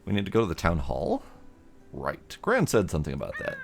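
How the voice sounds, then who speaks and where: A man's voice: sits low, huge pitch swings, a little fast, creaky, heavily acted. A man voicing a sulky, sarcastic eighteen-year-old witch, reading game dialogue in his own dry voice. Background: faint game music.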